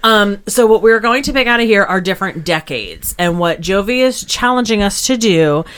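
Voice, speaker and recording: A woman's voice: medium pitch, animated, moderate pace, fairly bright tone, clear, resonant tone. A young woman co-hosting a casual podcast, chatty and rambling, often restarting her sentences. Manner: chatty, rambling, self-correcting. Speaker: podcast co-host.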